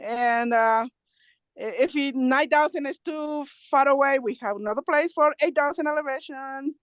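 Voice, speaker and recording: A woman, out of breath, calling in by phone from the mountains, laughing often and talking in halting bursts. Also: sits high, no room sound. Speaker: nonprofit co-founder giving a remote update. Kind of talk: casual talk over a video call. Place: outdoors in the mountains. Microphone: phone on a video call. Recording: dull lo-fi video call audio.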